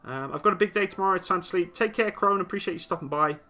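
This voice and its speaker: A young British man hosts a live stream, reading chat comments aloud and answering them bluntly with a bit of teasing. His voice sits high, he talks fast with a sharp tone, and soft music plays behind him.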